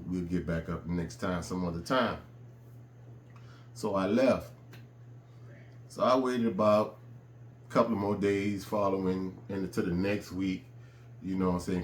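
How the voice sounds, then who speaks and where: A man with a lowish voice tells a personal story in an easy, conversational manner, leaning on fillers as he goes. His voice rings with a roomy echo, and a faint hum of ambience sits behind him. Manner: relaxed, conversational, frequent fillers.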